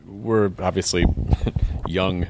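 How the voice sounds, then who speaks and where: An American man hosting an interview, casual and halting, often restarting his sentences. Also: sits low, steady tone, noisy background. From United States. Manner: halting, with stammered restarts and laughs. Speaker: interview host.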